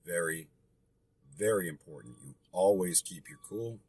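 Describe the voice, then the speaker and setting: A man's voice: low voice, unhurried, darkish tone, breathy edge, no echo. A man teaching a real estate investing lesson, direct and emphatic, repeating his key points. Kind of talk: coaching lesson.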